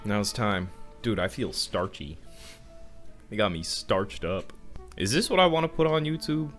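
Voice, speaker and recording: Young male host, low voice with lively swings, joking and crude, soft music underneath. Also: moderate pace. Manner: joking, loose, profane. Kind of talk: casual reaction commentary.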